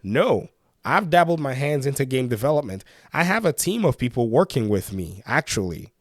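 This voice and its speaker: A man's voice: mid-range voice, big pitch swings, normal speed, no room sound, studio quality. A man with a cold and a congested voice, giving casual gaming commentary and defending his stance against a viewer's comment. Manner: defensive, argumentative, addresses a commenter directly.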